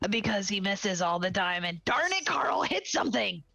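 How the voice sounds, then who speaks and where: A woman's voice: medium pitch, very animated, moderate pace, creaky, pushed and bright, poor audio. A woman playing a tabletop game, talking in a playful, gleeful way. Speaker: player. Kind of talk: casual tabletop role-play.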